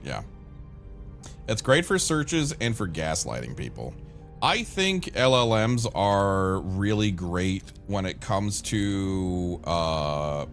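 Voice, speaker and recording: Lively, low-voiced rambling male streamer. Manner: rambling, swears casually, talks to chat. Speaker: gaming streamer. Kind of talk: casual gameplay chat.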